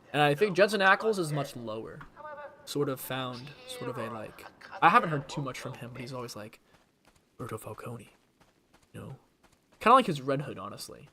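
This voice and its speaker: A man's voice: on the high side, expressive, normal speed, pauses often, sharp tone. A young man streaming a video game, rambling casually and trying out voice impressions between moves. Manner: chatty, jumps between topics, tries voice impressions.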